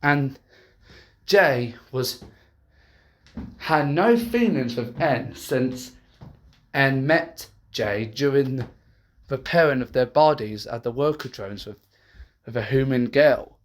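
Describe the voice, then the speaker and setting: Slow, halting horror storyteller. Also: mid-range voice, lively intonation. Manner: halting, with restarts. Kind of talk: amateur horror story narration.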